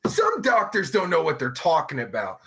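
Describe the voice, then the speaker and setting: Rowdy, profane New Jersey man, gravelly. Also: a little high, wildly swooping pitch, moderate pace, crowd noise. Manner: crude, profane, joking with loud outbursts. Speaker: live show host. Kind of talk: casual live-stream chat.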